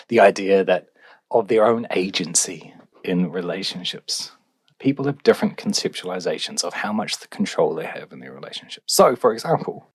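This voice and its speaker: A man's voice: low-pitched, husky, no echo. A male relationships researcher, answering podcast questions in a wry, explanatory way with fillers.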